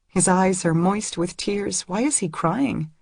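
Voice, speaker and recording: A woman's voice: mid-range voice, measured pace, gravelly, darkish tone, breathy edge, dry recording. A woman narrating a first-person audiobook in an intimate, emotional reading on a close studio mic.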